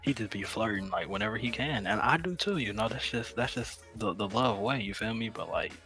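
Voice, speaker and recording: A man's voice: lowish voice, fairly quick, bright, forceful tone, faint music behind. A young man from Mississippi, a podcast co-host, telling laid-back stories in casual chat and often asking "you feel me".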